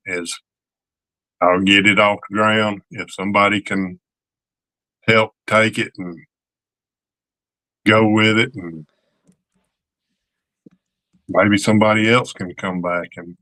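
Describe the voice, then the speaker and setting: A man from Georgia with a Southern accent, co-hosting a casual livestream and greeting viewers by name in a slow drawl. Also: deep voice, bright, forceful tone, dry recording. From Georgia, USA. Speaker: co-host of a relics livestream. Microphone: desk mic, typing nearby.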